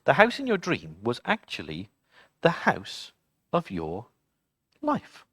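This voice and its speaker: A storyteller voicing a wise mother who speaks in a calm, soothing way. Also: mid-range voice, slightly rough, no room sound, clean studio sound, pitched below the performer's own voice, heavily acted. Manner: soothing and slow.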